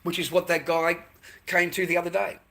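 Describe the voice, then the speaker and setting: A man's voice: high voice, level tone, a little fast, pushed and bright. An Australian man on a livestream, delivering a crude, rambling rant full of swearing and repeated phrases.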